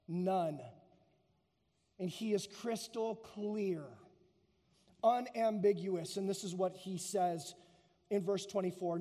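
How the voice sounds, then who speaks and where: Emphatic high-voiced male preacher, reverberant hall. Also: unhurried. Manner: emphatic, varies pace and loudness for effect. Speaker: pastor. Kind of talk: sermon.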